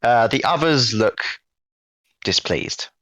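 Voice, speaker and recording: Bright-voiced man running a tabletop game. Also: mid-range voice, animated, slow pace, no echo, poor audio. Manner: describes events playfully, jokes with players. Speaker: game master.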